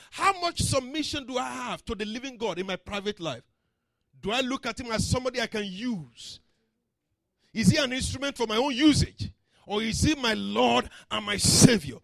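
A man preaching a sermon to a church congregation, dramatic and full of story voices, dropping to a hush and rising to shouts. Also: extremely high pitch, moderate pace, gravelly, no echo. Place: church service.

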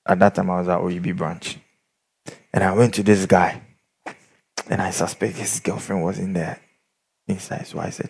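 A man's voice: low voice, moderate pace, vocal fry, long pauses, slightly rough. A man preaching a sermon, telling stories and acting out the people in them. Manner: animated storytelling, acts out quoted people.

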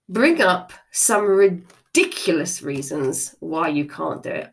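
A woman giving a self-help talk in a lowish, gravelly voice that swings through a wide range. She is frank and conversational and throws in the occasional swear word. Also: lively intonation, a little slow. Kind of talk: motivational talk.

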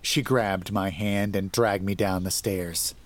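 A man narrating a scripted horror story in a measured, dramatic way that rises to tense emphasis. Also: low voice, fairly even intonation.

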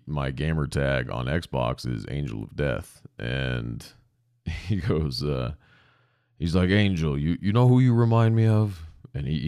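Gravelly, very deep-voiced man rambling. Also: darkish tone, dry recording, studio quality. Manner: profane, self-deprecating, digressive. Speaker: podcast host. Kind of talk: casual rambling monologue. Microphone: podcast microphone.

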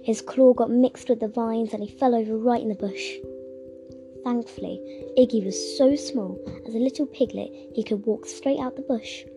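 A woman narrating a children's audiobook in a playful, expressive way. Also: a little high, normal speed. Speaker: storyteller. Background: music.

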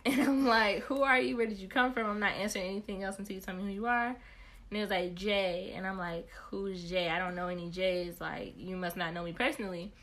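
A woman's voice: mid-range voice, fairly even intonation, fairly quick, fairly bright tone. Chatty young woman telling a story. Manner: chatty, many "like" fillers, acts out dialogue. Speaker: podcast co-host. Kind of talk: casual storytelling chat.

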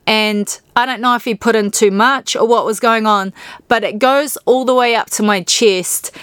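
A woman with a New Zealand accent hosts a personal podcast, recounting her own experiences with candid, animated emotion. Her voice is smooth and clear at a middling pitch. The recording is close and dry, with no room sound. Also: dry recording. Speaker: podcast host.

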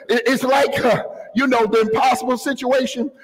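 A pastor preaching a fervent sermon, often rising to a shout and dropping into joking asides. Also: male voice, very high-pitched, steady tone, normal speed, husky, big-room sound, poor audio. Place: church sanctuary.

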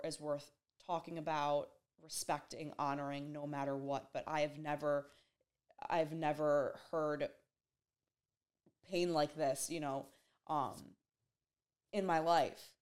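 Young female vlogger, slightly low voice, emotional and rambling delivery, casual to-camera storytelling. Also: steady tone, unhurried, darkish tone. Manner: rambling and emotional, heavy use of "like".

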